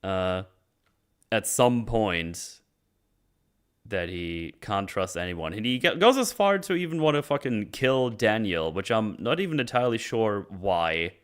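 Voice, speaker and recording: A man with a low, smooth, resonant voice retells a movie scene by scene in a relaxed podcast chat. His telling is loose and sweary, and he breaks into laughter often. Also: a little slow. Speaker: podcast host. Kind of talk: casual film recap chat.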